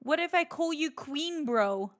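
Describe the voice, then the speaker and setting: A woman with a high voice who speaks slowly, trolling an AI character with a deadpan, teasing manner. It is a playful chat. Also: no room sound, clean studio sound. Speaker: user chatting with an AI character.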